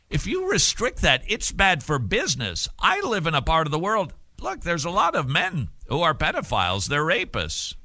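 Animated sarcastic male commentator. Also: fairly high pitch, moderate pace, no room sound. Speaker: show host. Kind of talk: opinion commentary.

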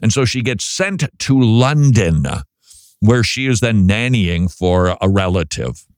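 Rambling Minnesotan radio host. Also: male voice, lowish voice, expressive, a little slow, clear, resonant tone, dry recording, studio quality. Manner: rambling, jokey, searches aloud for words. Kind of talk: casual radio talk.

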